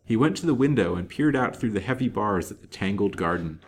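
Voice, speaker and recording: Low-voiced man reading a serial. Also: lively intonation, slightly rough. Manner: measured, dramatic reading. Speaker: storyteller. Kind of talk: reading a serial novel aloud.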